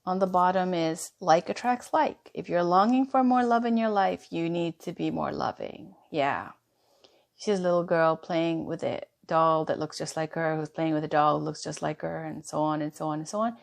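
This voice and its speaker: A woman giving a chatty tarot reading, going hoarse as she loses her voice. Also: sits low, fairly even intonation, normal speed. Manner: chatty, reassuring, drifts between reading aloud and asides. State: losing her voice. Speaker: tarot reader.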